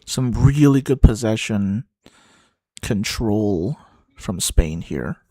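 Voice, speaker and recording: A man giving casual live play-by-play of a football match for a watchalong, slow and halting, pausing and musing between calls. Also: lowish voice, expressive, dark tone, slightly rough, no room sound. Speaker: watchalong commentator.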